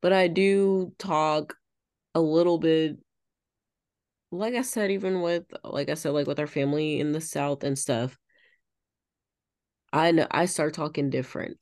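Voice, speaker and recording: A woman's voice: deep voice, unhurried, long pauses, a little mellow, dry recording, clean studio sound. A woman co-hosting a podcast in casual chat, thoughtful and searching for her words as she explains herself. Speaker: podcast co-host.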